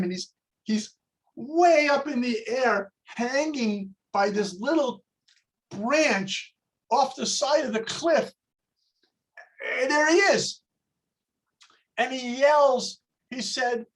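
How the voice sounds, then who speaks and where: Brief: a rabbi lecturing over a video call, unhurried, storytelling, asking rhetorical questions. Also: male voice, extremely high pitch. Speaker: rabbi teaching a class. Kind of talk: religious lecture with jokes.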